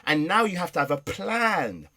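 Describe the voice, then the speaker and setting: A man, a guest in a casual talk, lays out his ideas emphatically. His husky voice is bright and sharp in tone, and his pitch rises and falls a lot. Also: sing-song, moderate pace. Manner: emphatic, explanatory. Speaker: guest, parenting consultant. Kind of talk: casual conversation.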